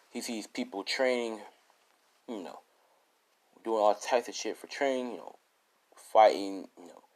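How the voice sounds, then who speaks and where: A man's voice: fairly low pitch, slow pace, long pauses, rough recording. A man narrating an improvised fan story in a rambling way, with constant fillers. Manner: rambling, full of "you know". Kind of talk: improvised spoken fan fiction.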